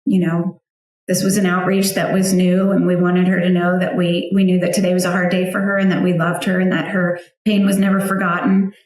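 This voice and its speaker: A woman's voice: fairly low pitch, level tone, a little fast, darkish tone, very echoey. A woman in her thirties or forties, a mother of four, telling a heartfelt personal story in a chatty, emotional way with many fillers. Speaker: guest, founder of a flower outreach for widows.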